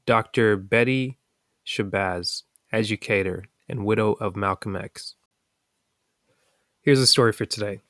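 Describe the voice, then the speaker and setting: A man's voice: on the low side, slow pace, pauses often, a bit bright, dry recording, clean studio sound. A man hosting a podcast, reading a daily motivational passage and repeating its key lines with care. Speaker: podcast host.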